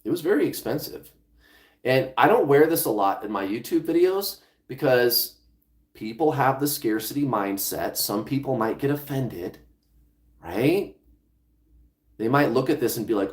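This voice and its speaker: Man, casual vlog talk, mid-pitched voice, roomy echo, conversational. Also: lively intonation, measured pace. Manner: conversational, restarts phrases, occasional swearing. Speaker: law of attraction coach. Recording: echoey room.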